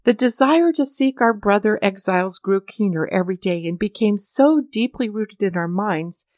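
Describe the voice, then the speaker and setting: A woman reading a story aloud as narrator, with measured, mournful storytelling. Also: mid-range voice, expressive, a little mellow, no room sound, studio quality. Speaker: audiobook narrator. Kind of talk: scripted narration.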